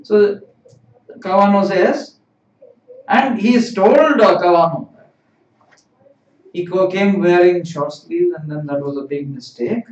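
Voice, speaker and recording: A man teaching a Japanese lesson, repeating each phrase and translating it in a deliberate, explanatory way. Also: sits high. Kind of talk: live-streamed language lesson. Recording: echoey, distant, dull live-stream audio.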